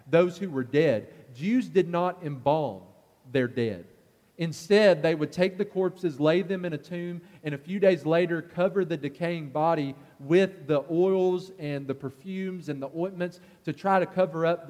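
High-voiced preacher in an echoing hall. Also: male voice. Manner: animated, acts out the scolding crowd's lines. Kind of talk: sermon. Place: church sanctuary. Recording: long church hall reverb.

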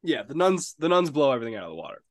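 A man's voice: mid-range voice, sing-song, very fast, no echo, studio quality. A man co-hosting a casual movie review podcast, giving blunt, opinionated takes. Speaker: podcast co-host.

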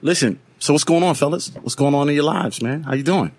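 Husky-voiced man hosting a podcast. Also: fairly high pitch, a little fast, darkish tone. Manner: easygoing, leads the show. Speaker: podcast host. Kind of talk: casual chat.

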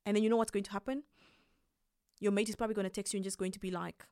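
A woman hosting a casual advice monologue, animated and quick to laugh as she acts out little scenes. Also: medium pitch, clean tone, no room sound, studio quality. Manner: animated, acts out quoted reactions, laughs often. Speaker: podcast host.

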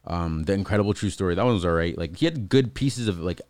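A man's voice: low voice, expressive, fast talker, darkish tone. A young man co-hosting a podcast, talking in a laid-back, teasing way and laughing often. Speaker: podcast co-host. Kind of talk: casual chat.

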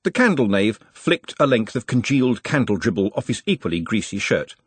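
A man reading a comic novel aloud as an audiobook narrator, in a wry, expressive storytelling manner. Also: on the low side, brisk, slightly rough, no room sound. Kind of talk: scripted narration.

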